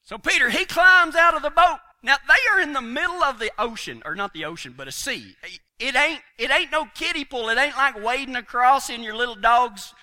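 A man's voice: very high voice, lively intonation, fairly quick, pushed and bright. A man preaching a folksy sermon, telling stories with homespun humor and chuckles.

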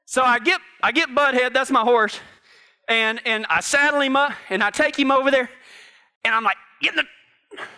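A man's voice: very high voice, normal speed, pushed and bright, smooth. A middle-aged man preaching a sermon, telling folksy stories and joking with his congregation. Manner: folksy storytelling, jokes with the congregation. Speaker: pastor.

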